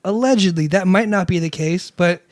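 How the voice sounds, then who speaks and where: A man's voice: high voice, moderate pace, no room sound, clean studio sound. A young man co-hosting a casual chat over beers, joking wryly and teasing his friend. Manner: wry, teasing, laughs often. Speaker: podcast co-host.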